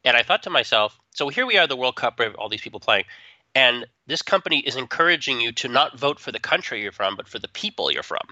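A man co-hosting a tech podcast, chatting in an animated, joking way with quick asides. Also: mid-range voice, no echo. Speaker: podcast co-host. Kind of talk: casual opinionated chat. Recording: dull dry close-mic sound.

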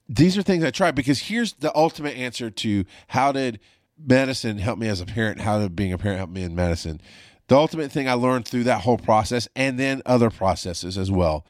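A man's voice: medium pitch, lively intonation, a little fast, dry recording. A man, a paramedic hosting a podcast, speaking frankly and emphatically from his home studio and swearing freely. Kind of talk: candid podcast monologue. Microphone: studio mic on a video call.

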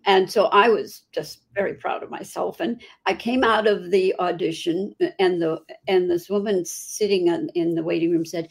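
An older woman, a guest performer, telling lively anecdotes in a casual chat. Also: on the low side, moderate pace, gravelly, hardly any pauses, slightly rough.

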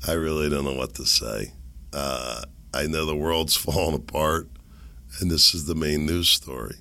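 A man's voice: very deep voice, normal speed, pushed and bright. A man hosting a political commentary show, talking in a rambling, sardonic way while sick. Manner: sardonic, rambling, chuckling asides. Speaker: podcast host.

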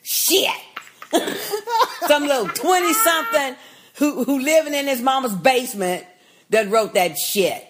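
A woman co-host talks through a TV episode in casual chat. Her voice sits a little high and swings widely in pitch. She is blunt, profane and emphatic. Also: animated, a little slow. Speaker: podcast co-host.

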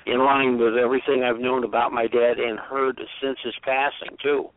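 A man who is a church deacon, a guest on a call-in radio show, speaking earnestly with halting restarts. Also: medium pitch, flat delivery, no room sound. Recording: tinny phone line, dry.

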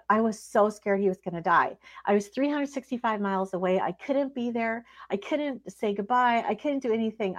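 A woman giving an earnest, expressive devotional teaching talk, acting out prayers and laughing now and then. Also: medium pitch. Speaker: Christian speaker.

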